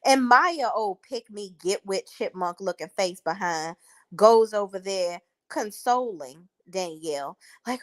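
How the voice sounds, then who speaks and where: A woman's voice: medium pitch, lively intonation, unhurried, a bit bright. A woman giving blunt, opinionated reality TV recap commentary as a vlogger.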